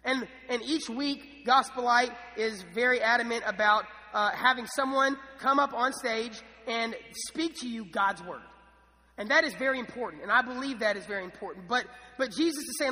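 Young male preacher, high bright voice, eager and chatty, church hall reverb. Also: moderate pace. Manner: enthusiastic, many restarts and fillers. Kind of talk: sermon.

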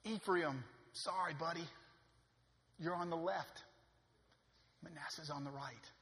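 A man's voice: a little high, a little slow. Man preaching a sermon in a reverberant hall. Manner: swings from loud preaching peaks to quiet storytelling. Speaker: pastor.

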